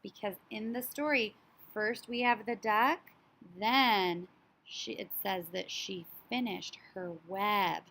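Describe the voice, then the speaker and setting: Slow, bright-voiced woman teaching young children. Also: medium pitch. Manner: slow, animated, child-directed, imitates animal sounds. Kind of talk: story sequencing lesson for young children.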